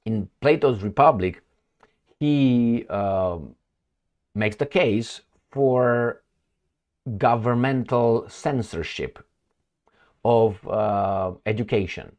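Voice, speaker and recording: A man's voice: mid-range voice, drawn-out words, long pauses, a little mellow. A man hosting a political commentary channel, talking casually and sardonically with frequent fillers. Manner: conversational, sardonic, many fillers.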